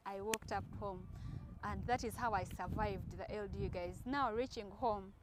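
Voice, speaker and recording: Woman telling an animated storytime. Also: medium pitch, moderate pace, very noisy. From Uganda. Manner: animated storytelling, addresses viewers directly. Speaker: vlogger. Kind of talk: storytime vlog.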